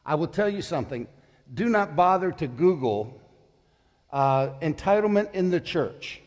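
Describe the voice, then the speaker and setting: A man's voice: a little high, animated, unhurried, a little mellow, long reverb tail. A man in his sixties preaching a sermon as pastor, conversational, putting questions to the congregation. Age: 60s.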